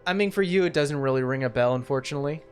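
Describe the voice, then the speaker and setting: A man's voice: mid-range voice, racing, faint music behind. A man narrating as game master of a tabletop game, rambling with many fillers and restarts.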